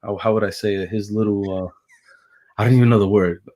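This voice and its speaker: A man's voice: lowish voice, fast. A man, a former ballplayer telling stories in a casual interview and acting out the voices he quotes. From Brooklyn, New York. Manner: animated storyteller who acts out quoted voices. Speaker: guest, former baseball pitcher.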